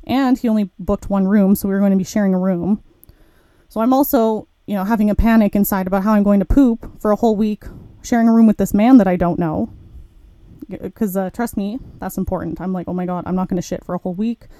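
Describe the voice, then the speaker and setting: A woman's voice: mid-range voice, brisk, no room sound. A young woman podcast host telling a personal story in a candid, chatty way, acting out her own quoted thoughts. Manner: candid, chatty, animated retelling with quoted asides. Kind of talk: casual storytelling.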